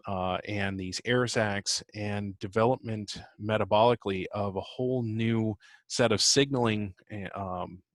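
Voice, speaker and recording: A man giving a biology lecture, speaking haltingly with frequent fillers and self-corrections. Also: lowish voice, dry recording. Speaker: biology instructor. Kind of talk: recorded lecture.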